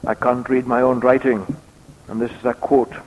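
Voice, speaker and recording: A man preaching an expository sermon in a measured, deliberate way, pausing to read out quotations. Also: mid-range voice, level tone, long reverb tail, narrow, tinny audio.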